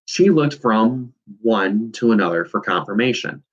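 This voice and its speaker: A man reading a children's novel aloud in an expressive storytelling manner. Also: fairly low pitch, a little slow, muffled recording. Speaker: reader.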